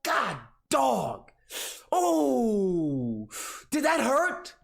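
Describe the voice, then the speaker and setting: A man's voice: extremely high pitch, huge pitch swings, extremely slow, creaky. A man in a gaming video, taunting in a dopey, exaggerated put-on voice. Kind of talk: mocking put-on gamer voice.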